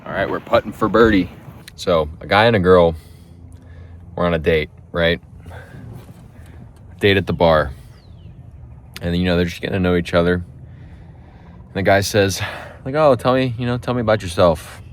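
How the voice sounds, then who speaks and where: A man's voice: deep voice, fairly even intonation, a little slow, long pauses. A man calling his own golf shots in casual, joking play-by-play outdoors on a windy course. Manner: laid-back, joking. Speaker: golf vlogger.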